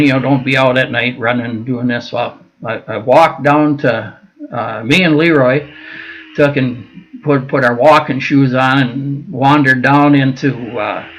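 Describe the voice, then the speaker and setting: A man's voice: medium pitch, a bit bright, slight background noise, low-quality recording. Older man rambling through old stories. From Minnesota. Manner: rambling with frequent fillers and restarts. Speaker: guest, veteran. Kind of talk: casual storytelling interview.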